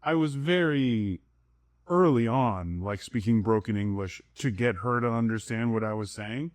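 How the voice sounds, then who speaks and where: Relaxed man in casual podcast chat. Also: mid-range voice, no echo. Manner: relaxed, explains at length, slows down for mock broken English. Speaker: podcast co-host.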